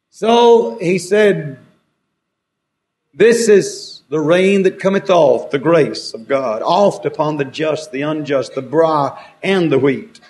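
A man's voice: on the high side, animated, measured pace, darkish tone. A man preaching a sermon, quoting scripture with rising and falling emphasis.

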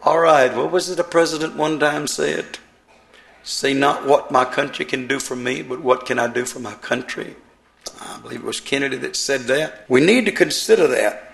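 An older man preaching a Pentecostal-style sermon, fervent and emphatic, stretching out stressed words and climbing to higher-pitched peaks. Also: moderate pace, vocal fry, fairly bright tone.

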